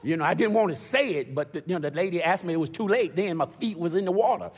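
An older man preaching a sermon as pastor, telling stories with stammered restarts and building to shouted preaching. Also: high-pitched, animated, fast talker, breathy edge. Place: church sanctuary. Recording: long church reverb.

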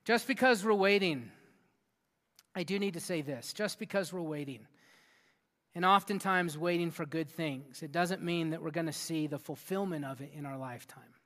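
Energetic high-voiced youth pastor preaching. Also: male voice, moderate pace. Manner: energetic, interactive, asks the audience questions. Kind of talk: sermon. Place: church hall. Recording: long hall reverb with faint music.

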